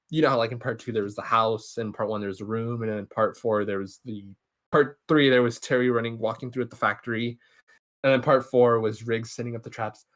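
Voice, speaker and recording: A young man hosting a podcast, casually recapping a film series and jumping into quick impressions of the characters. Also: medium pitch. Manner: animated, acts out characters' lines in quick impressions. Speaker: podcast host.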